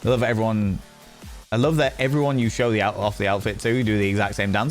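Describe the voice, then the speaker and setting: A man's voice: medium pitch, lively intonation, quick pace, faint music behind. A man streaming and chatting casually with viewers, bubbly and swearing, repeating catchphrases.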